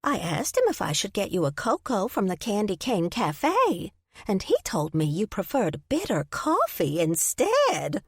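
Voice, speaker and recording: A woman's voice: medium pitch, huge pitch swings, husky, no echo, clean studio sound, exaggerated voice. A woman voicing a nosy, teasing old woman who drawls her words slyly. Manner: teasing, drawn-out and sly.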